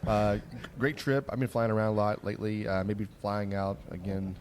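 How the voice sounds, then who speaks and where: A man hosting a podcast on location at a trade conference, his voice sitting a little low. He rambles through stories in a loose, salty way, restarting sentences as he goes, with a faint hum of noise behind him. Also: fairly even intonation, normal speed, darkish tone. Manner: rambling storyteller, rough-spoken with restarts. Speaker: podcast host. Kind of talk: casual chat.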